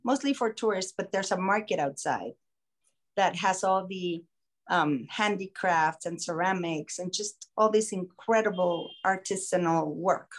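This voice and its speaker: A woman podcast host telling a story in a casual, animated way, acting out the voices of the people in it. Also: lowish voice, a little slow. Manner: animated, acts out quoted voices. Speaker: singer.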